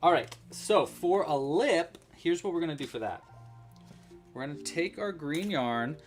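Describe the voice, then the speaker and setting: Male crochet host, chatty and playful, very lively pitch, soft music underneath. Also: measured pace. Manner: chatty, narrates his own handiwork, playful asides. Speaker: crochet instructor. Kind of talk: casual livestream tutorial.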